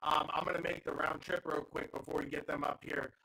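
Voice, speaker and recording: A man's voice: fairly high pitch, little pitch movement, brisk, gravelly, bright, forceful tone, low-quality recording. A man hosting a live online audio chat, enthusiastic and rambling with lots of fillers. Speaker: host of a live audio space.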